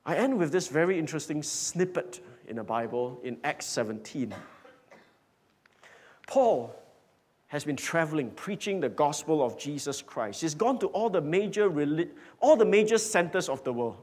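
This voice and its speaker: Male pastor, high lively voice, emphatic sermon, loud then hushed. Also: moderate pace, husky. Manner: emphatic, swings from loud declarations to hushed whispers. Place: church hall.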